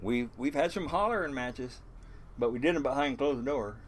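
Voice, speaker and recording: A man's voice: medium pitch, moderate pace, a little hiss or hum. An older man, a fishing boat captain, telling rambling stories in a casual interview, swearing freely and chuckling through many restarts.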